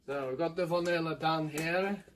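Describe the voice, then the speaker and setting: A man from Madeira, Portugal, speaking with a Portuguese accent in a fairly high, steady voice at normal speed, co-hosts a mukbang food show. He chats eagerly and enthusiastically, ending lines with "eh?", over background noise.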